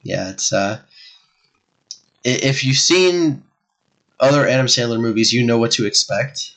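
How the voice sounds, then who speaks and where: A man co-hosts a casual movie chat, his voice sitting at a middle pitch. He rambles in a relaxed way, restarting sentences and leaning on fillers. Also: a little slow, low-quality recording. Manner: laid-back, with fillers and restarts. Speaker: podcast co-host.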